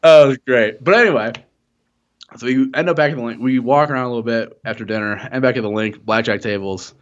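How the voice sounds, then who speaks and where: A fast-talking young man with a mid-range voice co-hosts a laid-back podcast, telling a drawn-out, profane story punctuated by frequent laughs. The sound is a little muffled and lo-fi.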